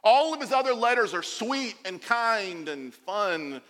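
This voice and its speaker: A man in his forties preaching a sermon, animated and jokey, acting out the quotes he tells. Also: high voice, a little slow, big-room sound. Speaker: pastor.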